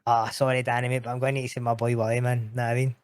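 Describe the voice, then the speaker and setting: A Scottish man talks as a guest on a chat show, swearing freely and laughing as he tells a story. His voice sits at an ordinary pitch. The sound is dry and close. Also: flat delivery, racing, clear, resonant tone, no room sound. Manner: swears a lot, laughs through stories. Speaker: podcast guest. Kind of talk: casual chat.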